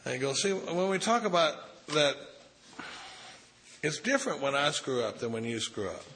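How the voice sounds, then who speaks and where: A man's voice: on the high side, big pitch swings, moderate pace, a bit bright, a little hiss or hum. A man giving an informal, folksy talk at a recovery meeting, reading a passage and then riffing on it in blunt, salty language. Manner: folksy, profane, reads a passage then riffs on it. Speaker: recovery group speaker.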